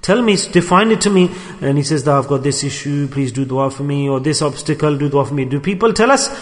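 A man's voice: fairly high pitch, lively intonation, fairly quick, long reverb tail. A man delivering an earnest sermon, repeating points and mixing in Arabic and Urdu religious terms. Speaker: religious teacher.

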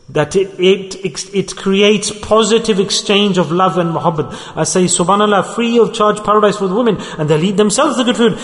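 A man preaching a sermon, animated and lively, acting out the people he quotes and mixing religious terms into his talk. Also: high voice, in a large hall. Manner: animated, acts out quoted people, mixes Arabic and Urdu terms.

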